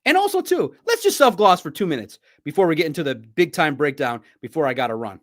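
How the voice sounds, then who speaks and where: Animated sports podcast host, a man. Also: on the high side, quick pace. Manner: animated, chatty storytelling with laughs. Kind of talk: casual sports recap.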